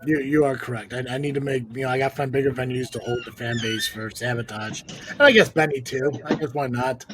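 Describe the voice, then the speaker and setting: A man's voice: medium pitch, animated, fast talker, noisy background. A young man hosting a casual podcast chat, laid-back, muttering asides under his breath. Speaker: podcast host and wrestling promoter.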